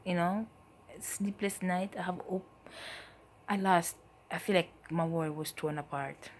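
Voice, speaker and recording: A woman giving a personal testimony as a mother, in a soft, halting, emotional way that often trails off. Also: lowish voice, steady tone, a little hiss or hum. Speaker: mother telling her story.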